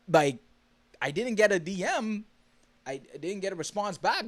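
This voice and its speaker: A young man from the Bahamas hosting a podcast alone, telling a story in a casual, excitable way with many fillers and restarts. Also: sits high. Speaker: podcast host.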